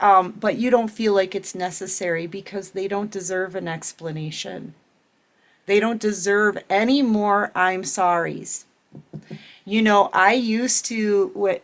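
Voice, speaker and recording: A middle-aged woman giving a casual tarot reading, emphatic and repetitive, speaking straight to the viewer. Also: medium pitch. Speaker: tarot reader.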